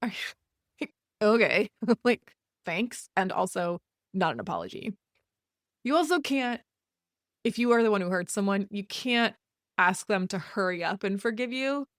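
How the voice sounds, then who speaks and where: A woman's voice: mid-range voice, animated, measured pace, long pauses, a bit bright, no echo, clean studio sound. A woman hosting a podcast, talking frankly in a casual advice monologue, often laughing and acting out example apologies in quotes. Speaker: podcast host.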